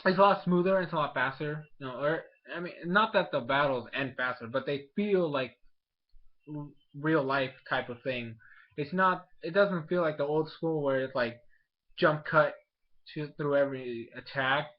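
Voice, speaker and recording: A man giving a casual, rambling episode recap as a reviewer, excitable and jumping into quick character voices. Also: on the high side, muffled recording. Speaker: anime reviewer.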